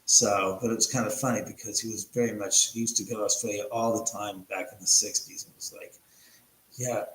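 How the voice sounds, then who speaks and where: A man's voice: on the low side, steady tone, brisk, a bit bright, slight background noise. Rambling man hosting a livestream in an echoey room. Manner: rambling, jokey, easily distracted. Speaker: livestream host. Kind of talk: casual livestream chat. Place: room in a house.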